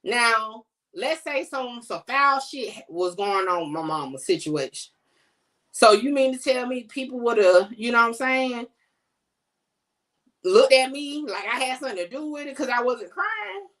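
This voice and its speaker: A middle-aged woman hosting a podcast from home, talking in a blunt, slangy, animated way. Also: a little high, moderate pace. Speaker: podcast host. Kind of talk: casual chat to camera.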